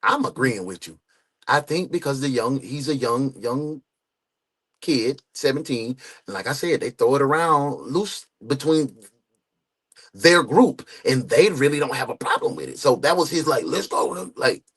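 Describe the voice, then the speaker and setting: A man hosting a live true crime reaction stream, greeting viewers by name and reading their comments in an animated way. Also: medium pitch, measured pace, breathy edge. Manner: animated, greets chat members and reads comments aloud. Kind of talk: casual live reaction chat.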